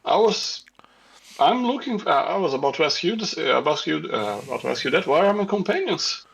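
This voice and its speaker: A man's voice: on the high side, big pitch swings, brisk, gravelly, a bit bright, husky, exaggerated voice. A man voicing a fussy, overly polite male doctor who stammers in a genteel way.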